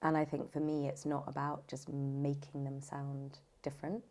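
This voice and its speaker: A British woman voiceover artist talking in a podcast interview, chatty and animated with lots of fillers. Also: low voice, moderate pace. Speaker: voiceover artist and audiobook narrator.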